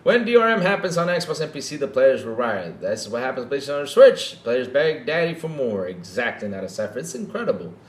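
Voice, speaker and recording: A man ranting on a gaming podcast, his pitch bouncing all over the place as he mocks and needles his critics. He keeps ending sentences with "though". The sound has a roomy echo. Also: moderate pace, hardly any pauses. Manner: animated, mocking, keeps tacking on "though". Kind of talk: casual livestream rant.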